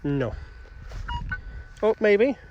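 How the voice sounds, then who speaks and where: A man's voice: sits high, big pitch swings, drawn-out words, dull audio, noisy background. A man hosting a casual livestream outdoors, chatting with viewers and joking as he digs for finds. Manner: chatty, jokey, talks to chat while working. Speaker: livestream host.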